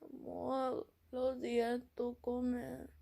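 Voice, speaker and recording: A woman voicing a sick, clingy young man who whines and pleads in a slow, drawn-out way. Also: sits high, monotone, vocal fry, dark tone, voice pushed up, heavily acted. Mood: coaxing.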